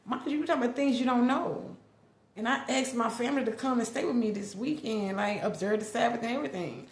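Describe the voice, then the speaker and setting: A woman's voice: on the high side, quick pace. A middle-aged woman, candidly telling a personal family story with lots of "like" and restarts. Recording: echoey room.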